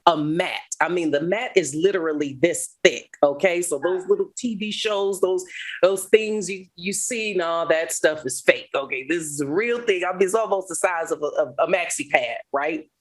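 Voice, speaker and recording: Woman guest telling her life story, lively and dramatic, middle-aged. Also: fairly low pitch, normal speed. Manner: animated, dramatic retelling with laughter. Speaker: guest speaker. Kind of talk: storytelling testimony.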